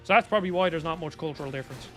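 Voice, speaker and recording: Young Irish man, streamer, high voice, rambling casual chat over faint music. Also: very fast. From Ireland. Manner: chatty, rambling, answers viewers by name.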